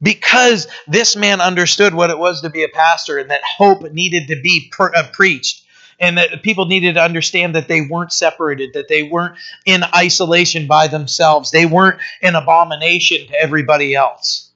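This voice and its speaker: A man's voice: a little high, steady tone, moderate pace, bright, forceful tone, highs cut off. A man preaching a sermon as pastor, earnest and plain-spoken, often restarting with fillers.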